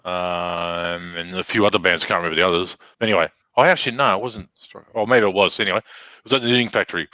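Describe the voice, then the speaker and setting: A man's voice: low-pitched, fairly even intonation, quick pace, sharp tone, dry recording. A man with an Australian accent telling a casual, heavily sworn story on a podcast, acting out the back-and-forth of the people in it. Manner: profane, acts out quoted exchanges. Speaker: podcast guest. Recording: dull lo-fi dry sound.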